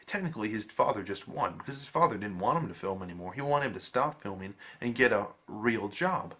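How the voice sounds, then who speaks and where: A man giving a casual video review, animated and emphatic, swearing freely. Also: lowish voice, fairly quick.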